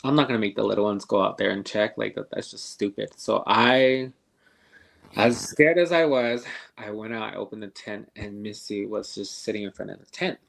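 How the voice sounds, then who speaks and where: Low gravelly older man telling a story. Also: steady tone. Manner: halting, with many fillers and restarts. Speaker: podcast guest storyteller. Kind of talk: casual spoken ghost story.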